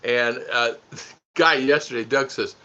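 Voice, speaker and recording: Bright-voiced goofy man on a livestream. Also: medium pitch, steady tone, slow pace. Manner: goofy, teasing, laughs often. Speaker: livestream host reading viewer comments. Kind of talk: casual livestream chat. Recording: dull lo-fi stream audio.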